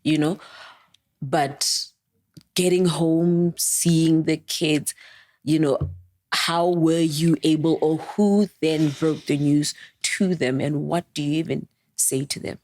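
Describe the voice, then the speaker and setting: A woman hosting an interview, asking gentle, probing questions with many fillers. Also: low voice, fairly even intonation, slow pace, no echo. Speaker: podcast host and interviewer. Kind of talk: conversational interview.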